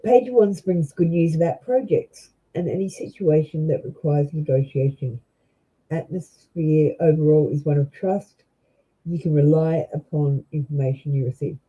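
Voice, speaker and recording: A young Australian woman talks her viewers through tarot cards on a live stream. Her voice is dark and husky and sits a little low. She chats in a halting way, full of ums and restarts. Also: dull audio. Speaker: tarot reader. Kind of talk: live-stream card reading.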